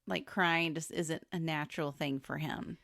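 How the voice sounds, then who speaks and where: A woman's voice: deep voice, steady tone, measured pace, vocal fry, a bit bright, dry recording, studio quality. A woman co-hosting a podcast, chatting casually about a film and chiming in with short reactions and jokes. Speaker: podcast co-host. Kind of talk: casual movie recap chat.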